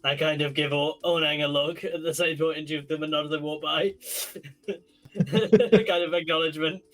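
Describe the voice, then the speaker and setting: A man plays in a casual tabletop session, cracking jokes and laughing between lines. His voice sits a little high, with faint music in the background. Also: fairly even intonation, low-quality recording. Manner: jokey, laughs often, quick asides. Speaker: player. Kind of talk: casual tabletop role-play.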